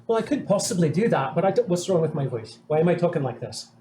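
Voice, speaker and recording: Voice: mid-range voice, very animated, quick pace, warm tone, echoey room, a little hiss or hum, pitched below the performer's own voice, lightly acted. A player voicing a small, crude, bewildered talking dog with a Scottish accent. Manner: puzzled, rambling.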